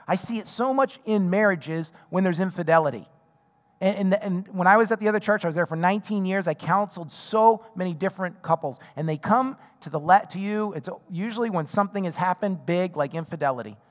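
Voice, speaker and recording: A male pastor with a high-pitched voice preaches a sermon in a conversational way, often repeating a word as he restarts a thought. He plays out both sides of the conversations in his stories. His voice rings with the long reverb of a large hall. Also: brisk. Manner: acts out both sides of dialogues in his illustrations.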